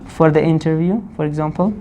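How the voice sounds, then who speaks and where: A woman teaching an English grammar lesson, quizzing the class and answering her own questions, repeating forms slowly. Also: deep voice, warm tone, slight background noise. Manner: asks the class questions and answers them herself.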